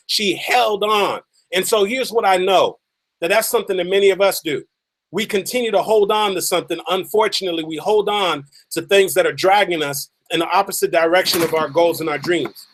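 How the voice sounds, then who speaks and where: An emphatic man with a fairly high voice tells a story as a motivational speaker. He hammers phrases again and again for effect. He drags out the key lines slowly for drama.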